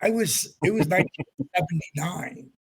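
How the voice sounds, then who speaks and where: Gravelly older man telling stories. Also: high-pitched, normal speed. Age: 60s. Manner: animated anecdotes, acts out quotes. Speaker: guest, retired pro wrestler. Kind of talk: storytelling interview.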